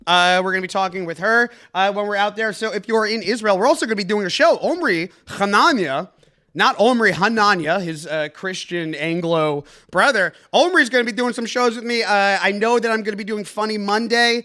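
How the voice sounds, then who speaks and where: High bright-voiced comedian host. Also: male voice, fairly quick, hardly any pauses. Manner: energetic, sarcastic, mock-announcer delivery. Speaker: comedy news show host. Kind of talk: comedic news podcast, quick riffing.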